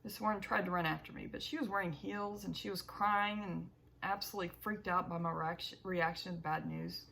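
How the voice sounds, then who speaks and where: A woman narrating an audiobook in the first person, with expressive, emotional storytelling. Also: lowish voice, a little fast, gravelly, slight background noise.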